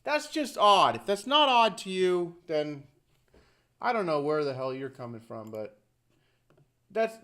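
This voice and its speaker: A man's voice: on the high side, fairly bright tone. A man hosting his own video, talking casually in a rambling, conversational way full of asides. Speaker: video host. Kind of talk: casual commentary to camera.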